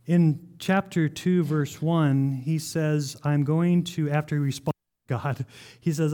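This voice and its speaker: Male preacher, high-pitched and animated, reads scripture and questions the congregation. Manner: reads scripture aloud with emphatic slowing. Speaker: pastor. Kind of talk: sermon.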